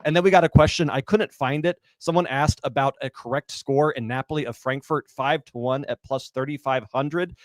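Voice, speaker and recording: A man giving soccer betting picks in a relaxed, hedging way, chatting casually with his panel. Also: medium pitch, brisk, few pauses, no room sound. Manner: relaxed, hedging, laughs easily. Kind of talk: casual sports betting chat.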